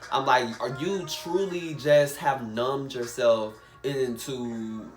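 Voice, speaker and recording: A man's voice: mid-range voice, slow pace. A young man vents his frustration in a casual storytime, swearing freely and hammering the same points again and again. His voice sits in the middle of the range. The room gives it a roomy echo, with faint music behind. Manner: emphatic, swears, repeats himself. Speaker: vlogger.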